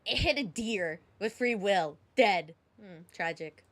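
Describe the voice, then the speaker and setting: A young woman streaming a game reaction, giggly and animated as she reacts out loud in casual chat. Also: medium pitch, slow.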